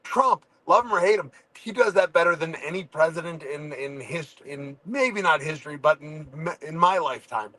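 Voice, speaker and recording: Halting higher-pitched man in casual chat. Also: animated, pushed and bright, low-quality recording. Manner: frequent restarts and stammering. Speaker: guest, fighter.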